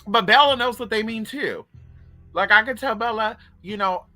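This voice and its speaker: A woman's voice: on the high side, normal speed, bright, forceful tone, dry recording, faint music behind. A woman telling stories straight to her viewers in a casual, profane vlog, as a spiritual coach who runs online classes.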